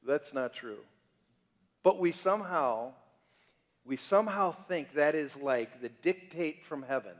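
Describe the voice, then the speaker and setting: A man's voice: a little high, expressive, measured pace. A man preaching as a pastor, conversational and joking, full of rhetorical questions to the congregation. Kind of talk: sermon. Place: church sanctuary. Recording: reverberant church hall.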